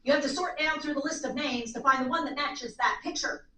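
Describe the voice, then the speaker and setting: A woman lecturing a live audience on aging in an animated way, acting out little voices, in a seminar room. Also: sits high, fairly quick. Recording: echoey room, distant mic, faint noise.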